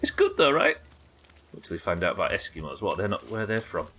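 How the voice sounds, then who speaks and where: A man's voice: fairly low pitch, huge pitch swings, fairly quick, sharp tone, a little hiss or hum. A young English man chatting casually and rambling while streaming a game, swearing now and then. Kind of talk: casual live-stream chat while gaming.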